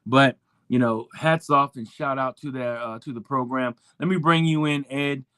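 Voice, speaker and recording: A man's voice: mid-range voice, fairly even intonation, moderate pace, pushed and bright, smooth, no echo. A man hosting a sports talk show, talking casually with lots of fillers and restarts.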